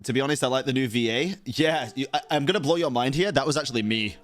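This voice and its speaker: A man's voice: medium pitch, fast talker. A man streaming a video game, making casual, profane, joking commentary. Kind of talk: casual let's-play commentary.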